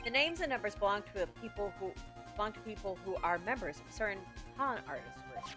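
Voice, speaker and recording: An earnest young defense lawyer presses his case in a courtroom video game, his voice rising and falling with lively swings, as a woman reads him out. Steady game music plays underneath. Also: mid-range voice, fast, natural voice. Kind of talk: game dialogue read aloud.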